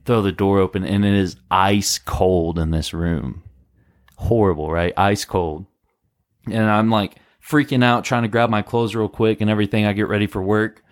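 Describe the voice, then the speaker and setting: A man co-hosting a podcast, casually telling a ghost story in a rambling, animated way, full of "like" and "bro". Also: lowish voice, moderate pace, dry recording, studio quality. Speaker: podcast co-host.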